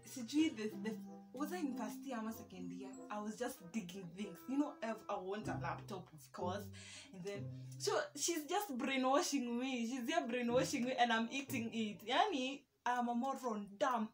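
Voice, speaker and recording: A woman's voice: fairly high pitch, moderate pace. Chatty Kenyan woman telling a story. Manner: chatty, mixes in Swahili, self-mocking. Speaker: vlogger. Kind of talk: storytime vlog. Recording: music playing underneath.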